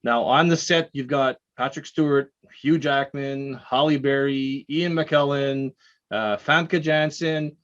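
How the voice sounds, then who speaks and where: A man's voice: medium pitch, fairly even intonation, slow pace, a bit bright. Eager male host on a dull lo-fi line. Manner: eager, laughing, chatty questioning. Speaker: podcast host. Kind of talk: casual interview questions. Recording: dull lo-fi recording.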